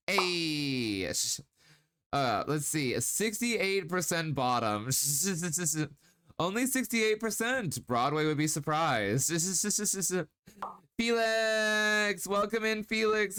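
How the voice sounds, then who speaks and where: Bright, giggly male streamer. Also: a little high, smooth. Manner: playful, giggly, teasing, drawn-out baby talk at times. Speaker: streamer host. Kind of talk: casual live-stream chat.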